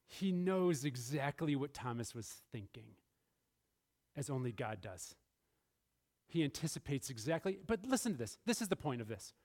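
A man preaching a sermon in a church, laughing often and briefly acting out the voices of the people in his story. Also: high voice. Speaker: pastor. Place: church sanctuary.

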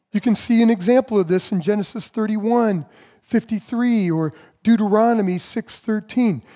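A man preaching a sermon to his church, with slow, emphatic pauses. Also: high-pitched, dark tone. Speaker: pastor.

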